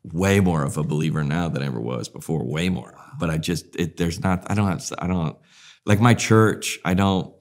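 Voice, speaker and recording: Man, very low voice, rambling, animated storyteller. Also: moderate pace. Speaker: comedian, guest. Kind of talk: casual interview storytelling.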